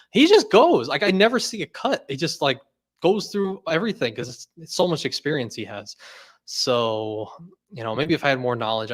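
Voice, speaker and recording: A man's voice: mid-range voice, fairly bright tone. Rambling, laughing young man on a livestream. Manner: rambling, laughs often, lots of "like" fillers. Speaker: host. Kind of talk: casual livestream chat.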